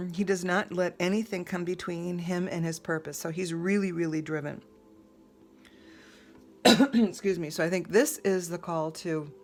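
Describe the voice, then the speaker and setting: A woman's voice: fairly low pitch, darkish tone. A woman giving a casual tarot reading, talking in a rambling, conversational way with lots of fillers and restarts. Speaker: tarot reader.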